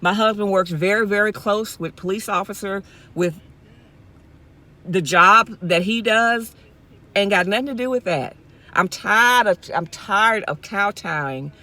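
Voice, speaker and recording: A woman's voice: medium pitch, a little slow, pushed and bright. A woman from Mississippi, talking straight to her viewers in a casual vlog, impassioned and repeating herself as she goes, speaking from her car. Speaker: YouTube vlogger.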